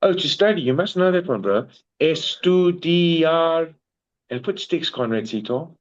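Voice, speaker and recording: A man with a South African English accent tutoring Spanish one-on-one in a casual, slangy, animated way. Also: a little high, a little fast, lo-fi sound. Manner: slangy and animated, calls people bro. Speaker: Spanish teacher.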